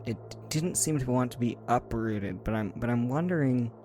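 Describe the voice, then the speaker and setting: A man's voice: medium pitch, normal speed, noisy background, lightly acted. A man voicing an inexperienced, nervous male psychiatrist who speaks hesitantly and stammers. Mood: uneasy.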